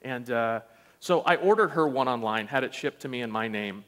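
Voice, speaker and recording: A man preaching a storytelling sermon, animated and self-deprecating, acting out the voices in his stories. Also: mid-range voice, normal speed. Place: church sanctuary. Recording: long church reverb.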